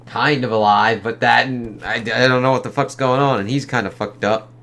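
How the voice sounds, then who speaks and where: A man casually reviewing a comic book in a profane, rambling, excitable way. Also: medium pitch, moderate pace, vocal fry.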